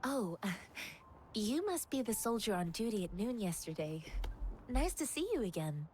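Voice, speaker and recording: An earnest young martial artist. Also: female voice, mid-range voice, big pitch swings, a little slow, darkish tone, slight background noise. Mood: friendly. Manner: earnest and pleading. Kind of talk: game voice acting.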